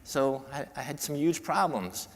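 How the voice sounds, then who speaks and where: A man giving an emotional conference talk, heartfelt and halting, often repeating words and restarting. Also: on the high side, lively intonation. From New York. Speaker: podiatrist giving a keynote talk. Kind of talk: emotional speech to a conference audience. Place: large conference hall. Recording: long hall reverb.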